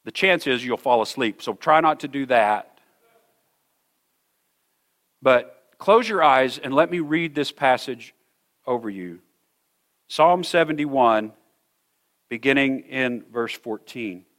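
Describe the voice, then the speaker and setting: A middle-aged man preaching a sermon to a congregation in a church hall, earnest, often repeating words and slowing down to stress a point. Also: mid-range voice, animated, fairly bright tone. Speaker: pastor.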